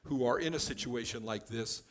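A man teaches from the Bible conversationally, explaining verses in a relaxed way and tossing in offhand jokes. His pitch is medium and his pace moderate.

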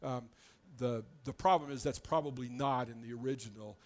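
A man's voice: medium pitch, steady tone, normal speed. A man preaching a sermon as pastor, in a conversational, plain-spoken way, often restarting his phrases as he explains.

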